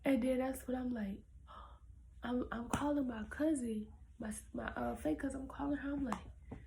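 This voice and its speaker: A woman's voice: high-pitched, moderate pace, vocal fry, a little hiss or hum, low-quality recording. Young woman telling a story, half-whispered. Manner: animated, often dropping to a whisper. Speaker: vlogger. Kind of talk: casual storytime.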